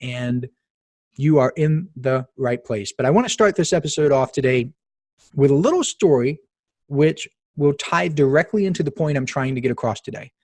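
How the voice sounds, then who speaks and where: A man's voice: medium pitch, normal speed, darkish tone, dry recording. A man hosting a podcast, talking casually and emphatically, telling stories with asides to the listener. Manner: chatty, emphatic, storytelling with asides. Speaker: podcast host.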